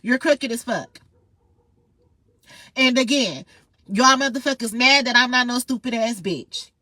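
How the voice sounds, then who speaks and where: A woman's voice: fairly high pitch, a little slow, sharp tone, no echo. A woman ranting in a heated, profane, confrontational monologue straight to her viewers. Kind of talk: angry monologue vlog.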